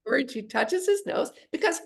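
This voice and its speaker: A middle-aged woman, a psychologist and author, talking as a podcast guest and telling stories in an animated way. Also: high voice, moderate pace. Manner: storytelling, animated voicing of quoted people. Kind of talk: podcast interview.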